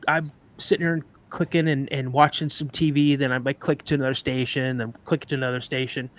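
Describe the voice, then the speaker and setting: A man telling a personal story on a live podcast, animated, acting out sounds and voices as he goes. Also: fairly high pitch.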